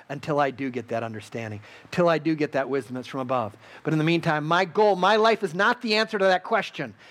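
A man preaching a sermon in an earnest, repetitive cadence with pauses, then leading a prayer. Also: on the high side, fairly bright tone. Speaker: pastor.

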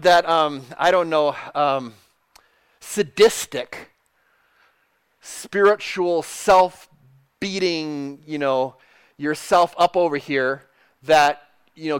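A man's voice: high voice, fairly bright tone, smooth, no room sound. A man preaching a sermon, earnest and emphatic, repeating phrases and restarting mid-thought. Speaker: pastor.

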